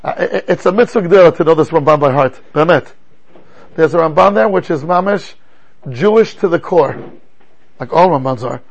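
Man giving a lively Torah class, high gravelly husky voice, rhetorical questions, stumbling restarts. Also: normal speed, lo-fi sound. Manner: animated, rhetorical questions, frequent stammering restarts. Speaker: rabbi teaching a Torah class. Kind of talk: animated Torah lecture.

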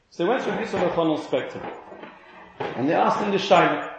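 A man, a rabbi telling a story in an animated way and acting out each character's lines. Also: sits high, a little fast, vocal fry, pauses often. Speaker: rabbi giving a talk. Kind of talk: storytelling talk. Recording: roomy hall with faint noise.

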